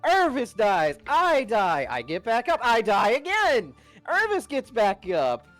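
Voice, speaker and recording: A woman's voice: fairly high pitch, slow pace. A woman casually recapping a game session as a player, swearing and laughing as she tells it. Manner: animated, laughing, swearing storyteller. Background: faint background music.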